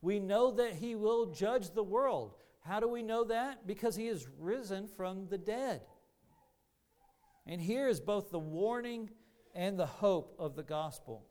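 A man preaching a sermon to a congregation in an earnest, deliberate manner with rising emphasis. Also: high-pitched, lively intonation, a little mellow. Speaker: pastor.

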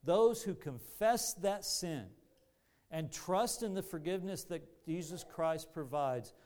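A man preaching a sermon to a congregation in an earnest, deliberate manner with rising emphasis. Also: high-pitched, lively intonation, a little mellow. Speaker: pastor.

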